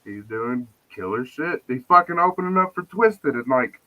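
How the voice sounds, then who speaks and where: A man's voice: mid-range voice, expressive, moderate pace, bright, forceful tone, low-quality recording. A man talking in casual, profane, joking banter as a guest on a live podcast stream.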